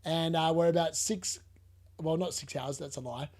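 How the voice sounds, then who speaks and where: A high-voiced Australian man hosting a live football watchalong. He chats, laughs a lot and jumps to an excited shout whenever a chance comes. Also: moderate pace. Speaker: fantasy football watchalong host. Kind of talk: live watchalong commentary and chat replies.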